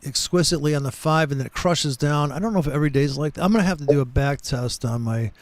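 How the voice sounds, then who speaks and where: A trading show host with a slightly high voice talks fast, rambling through stories and swearing freely as he goes over charts in a casual trading chat. The recording is dry and low-quality.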